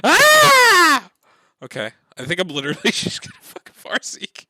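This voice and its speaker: A man playing a casual card game with friends, excitable and quick to swear and laugh. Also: fairly high pitch, no echo. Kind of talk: casual chat among friends.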